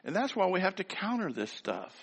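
A man's voice: high-pitched, very animated, fairly quick, breathy edge, long reverb tail. An older man preaching a sermon in a folksy, rhythmic way, with lots of repetition. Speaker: pastor.

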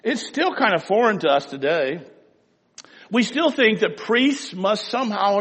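A man preaching a sermon, telling stories and swinging between loud emphasis and hushed asides. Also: sits high, lively intonation, normal speed, husky, in a large hall. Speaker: pastor.

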